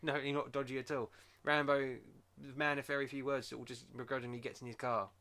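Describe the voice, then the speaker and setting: A man's voice: mid-range voice, little pitch movement, brisk, bright, forceful tone. A man with a sore throat, rambling and joking as a podcast co-host in casual chat. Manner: jokey, rambling, breaks into silly voices.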